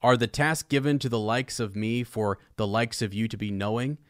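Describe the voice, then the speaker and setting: A man voices a sly, sinister male villain who mocks and taunts. The voice is low and dry, close to the mic, read aloud from a fantasy storybook. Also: moderate pace, no echo, natural voice.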